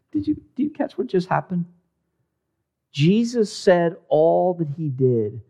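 A male pastor preaching a sermon, dramatic, swinging from loud emphasis down to a hushed near-whisper. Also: high voice, big pitch swings, slow pace.

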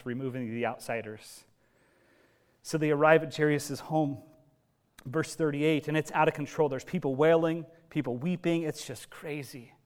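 A man preaching a sermon as pastor, telling the story in a lively, conversational way with casual asides. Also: on the high side, clean tone.

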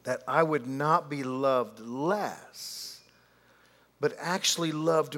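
A man preaching a sermon, telling a story animatedly with drawn-out pauses and asides to the congregation. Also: on the high side, a bit bright. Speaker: pastor. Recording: long hall reverb.

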